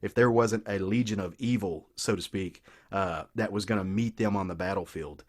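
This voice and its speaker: A man's voice: low voice, moderate pace. A man with a Southern US accent on a podcast, eagerly retelling a comic book story in a rambling, casual way full of restarts. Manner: enthusiastic, rambling, many restarts. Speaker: podcast co-host.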